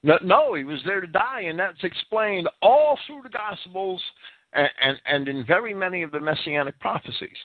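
Man, co-host, very lively intonation, eager agreement, headset, tinny phone-like sound. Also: high voice, normal speed, dry recording. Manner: eager agreement, repeated 'well, well' restarts. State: sneezing and coughing. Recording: dry tinny phone-like line.

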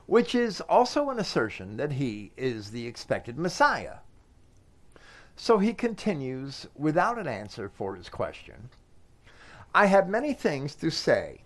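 A man giving a scripture commentary, reading verses aloud with measured emphasis. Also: on the high side. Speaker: Bible teacher.

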